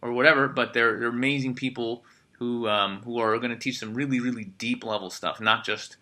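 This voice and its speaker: A man hosting a podcast in casual chat, energetic and swearing freely, with lots of fillers like "uh". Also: mid-range voice, a little fast. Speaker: podcast host.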